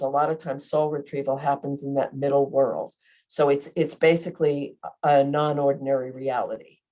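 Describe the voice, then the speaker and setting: Low mellow lady cohosting a spiritual podcast, kinda rambly, keeps restarting. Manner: rambling, restarts, searches for words. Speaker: podcast co-host, medium. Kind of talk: casual spiritual chat.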